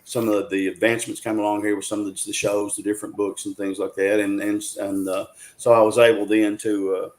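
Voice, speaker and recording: Low-voiced man in his sixties. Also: little pitch movement, a little fast, hardly any pauses, a little mellow. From Arkansas, USA. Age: 60s. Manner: earnest, folksy, with frequent restarts. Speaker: guest. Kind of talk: storytelling interview.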